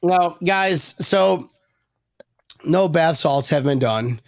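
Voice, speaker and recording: A man hosting a podcast over a video call, loud and excitable, joking, stammering when he gets worked up. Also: a little high, drawn-out words, no room sound. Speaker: podcast host. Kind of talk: rowdy casual podcast banter.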